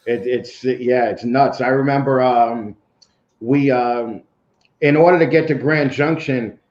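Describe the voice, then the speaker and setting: A man's voice: mid-range voice, measured pace, darkish tone, echoey room, dull audio. A man with a New York accent, a podcast guest telling rambling, profane stories in casual chat.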